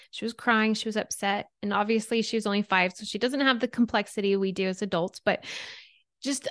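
A woman in her thirties, a podcast guest talking about emotions, telling stories with lively shifts into quoted thoughts. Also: mid-range voice, no echo, studio quality. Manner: animated storyteller, voices her own and others' thoughts. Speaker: podcast guest, anxiety coach. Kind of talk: conversational interview.

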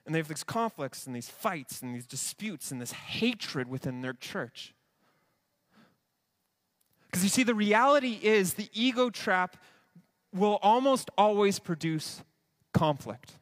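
A man delivers an earnest sermon in a fairly high voice. He talks plainly to the congregation, slips into quoted asides and often restarts a sentence mid-thought. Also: lively intonation, a little slow, pauses often. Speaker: pastor.

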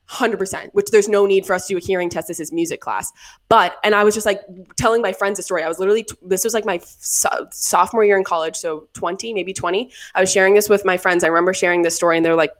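A woman's voice: medium pitch, fairly even intonation, fast. A woman in her twenties co-hosting a podcast, telling a long story in a rambling, casual way full of fillers. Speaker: podcast co-host. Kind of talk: casual chat.

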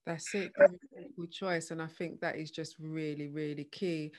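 A woman's voice: deep voice, steady tone, moderate pace, warm tone. A woman hosting an interview podcast, echoing and affirming her guest's points. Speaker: podcast host.

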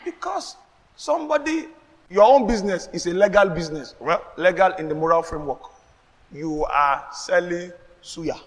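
A man with a Nigerian accent, preaching a sermon as pastor, animated, slipping into pidgin asides and laughing. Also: high-pitched, moderate pace, in a large hall. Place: church.

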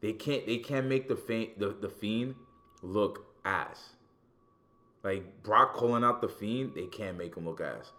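A man in casual, animated, profane chat about wrestling as a podcast co-host, often repeating words as he gets going. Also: on the low side, measured pace.

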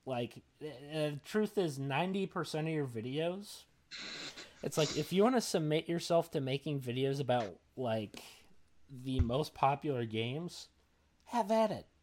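On a casual podcast, a tired-sounding young co-host rambles with many fillers and tangents, poking fun at himself. His slightly high, slightly mellow voice has lively intonation and an unhurried pace, with a little hiss or hum in the recording.

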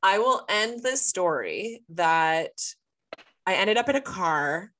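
A woman with a Western Canadian accent co-hosting a podcast, telling a story in an animated, frank way and laughing often. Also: medium pitch, slow pace. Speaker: podcast co-host. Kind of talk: casual storytelling chat.

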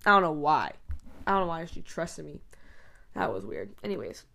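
A woman's voice: sits low, very animated, normal speed, vocal fry, bright, forceful tone. A young woman chatting casually in a vlog, rambling with many fillers and frequent giggles. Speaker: vlogger. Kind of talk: casual chat. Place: bedroom.

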